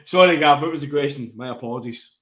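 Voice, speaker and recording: A man's voice: mid-range voice, fairly bright tone. Rowdy tipsy Scottish man. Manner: boisterous, sweary, laughing a lot. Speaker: podcast co-host. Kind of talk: casual fan podcast chat.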